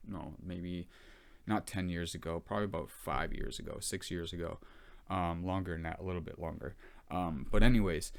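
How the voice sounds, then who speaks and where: Blunt, rambling man with a low voice. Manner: rambling, blunt, heavy swearing and fillers. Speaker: vlogger. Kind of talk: candid monologue to camera.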